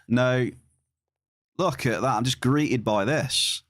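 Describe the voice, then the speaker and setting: A man's voice: mid-range voice, lively intonation, a little slow, fairly bright tone, dry recording, studio quality. A man giving live game stream commentary, teasing his chat in a playful, bantering way.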